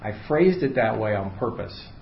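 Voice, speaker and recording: A man leading a casual Bible study, explaining the text in a relaxed, unscripted way full of fillers and restarts, to a small group in a room. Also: lowish voice, normal speed, slight background noise. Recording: roomy, slightly dull room recording.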